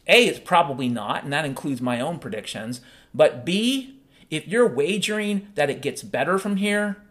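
A man hosting a podcast, delivering an angry, profane political rant that swings between loud outbursts and low muttering. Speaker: podcast host.

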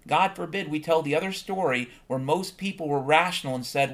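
A man's voice: a little high, brisk, a bit bright. A man hosting a solo podcast, ranting bluntly and swearing often in a heated monologue. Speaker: podcast host.

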